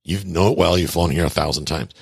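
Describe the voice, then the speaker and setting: A man with a very deep, gravelly voice hosting a podcast in a laid-back, chuckling way. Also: steady tone, fast, no room sound, clean studio sound. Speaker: podcast host. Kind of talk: casual podcast chat.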